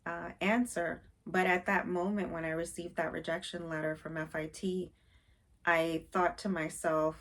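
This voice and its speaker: A woman's voice: lowish voice, little pitch movement, moderate pace, fairly bright tone. A woman vlogger in casual chat, rambling with many fillers and openly sensitive about her feelings.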